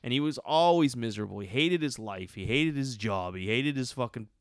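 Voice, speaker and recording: A man's voice: mid-range voice, expressive, a little fast, smooth, no room sound, clean studio sound. A young adult man telling a long personal story in casual chat, rambling and swearing freely. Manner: profane, rambling, lots of restarts and fillers.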